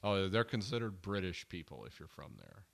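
A man's voice: low voice, big pitch swings, moderate pace, creaky. A man co-hosting a casual film podcast, talking in a rambling, hesitant way that often trails off. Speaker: podcast co-host.

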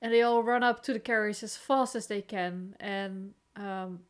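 A woman's voice: mid-range voice, fairly even intonation, moderate pace, clear, resonant tone. A woman co-hosting a casual film podcast, recapping scenes in detail and laughing often. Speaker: podcast co-host.

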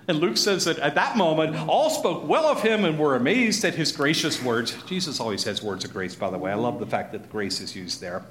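Animated man teaching Scripture, echoey room. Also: a little high, fairly quick, few pauses. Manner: animated, acts out crowd voices, chuckles often. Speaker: Bible teacher. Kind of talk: conversational Bible teaching. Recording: echoey room with faint noise.

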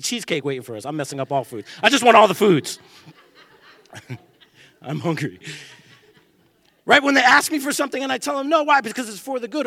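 A male pastor preaching a sermon in a church, animated and joking, acting out the voices of people he quotes. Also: high voice, no echo, studio quality.

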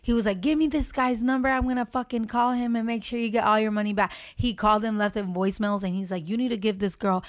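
A young woman in casual chat, telling a story with lively acted-out quotes and frequent swearing. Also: medium pitch, fast talker, hardly any pauses. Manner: animated storytelling, acts out quotes, swears freely.

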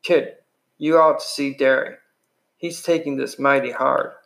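A man voicing a tough, cocky teenage greaser boy with a rough voice and a gruff, teasing way of talking, read from a storybook. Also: mid-range voice, fairly even intonation, measured pace, fairly bright tone. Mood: blunt.

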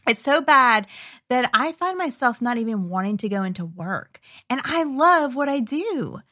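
A woman co-hosting a casual chat, bubbly and quick to laugh. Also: on the high side, big pitch swings, sharp tone. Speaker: podcast co-host.

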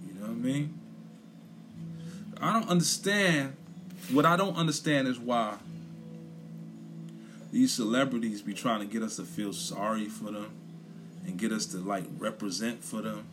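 A man's voice: medium pitch, lively intonation, unhurried, pauses often, fairly bright tone, soft background music. A young man gives a blunt, profane opinion rant in casual chat, repeating his points for emphasis. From Brooklyn, New York. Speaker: commentator.

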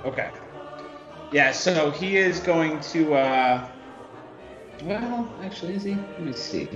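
A man playing a tabletop game, describing his character's moves in a relaxed way and laughing often. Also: fairly high pitch, slow. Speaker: player. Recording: echoey lo-fi sound with faint music.

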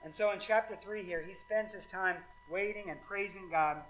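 A man's voice: high voice, normal speed, fairly bright tone, a little hiss or hum, rough recording. A man preaching a sermon as pastor in a casual, conversational way, often checking in with his listeners. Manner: casual and conversational, many fillers like "like" and "right".

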